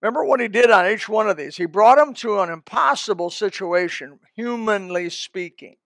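A man's voice: high-pitched, normal speed, fairly bright tone, dry recording. A man preaching a sermon in a folksy, rambling way, with asides and restarts. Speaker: pastor.

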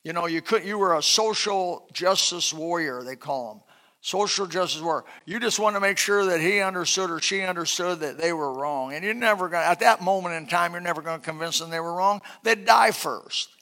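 A middle-aged man preaching a sermon, his voice pitched high and bright with a forceful edge. He swings from loud, emphatic bursts down to soft, hushed asides, keeping the congregation close. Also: fairly quick. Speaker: pastor.

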